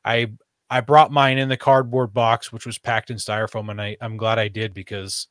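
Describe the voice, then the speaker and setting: A man's voice: on the low side, flat delivery, moderate pace, fairly bright tone, no echo, studio quality. A man chatting casually on a podcast, rambling with fillers and restarts. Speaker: podcast host. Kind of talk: casual chat.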